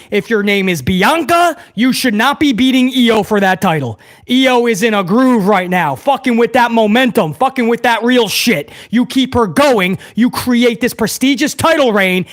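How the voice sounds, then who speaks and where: His voice sits high and sounds a bit bright as he hosts a live wrestling watch-along review. Heated and profane, he rants to the viewers in his chat.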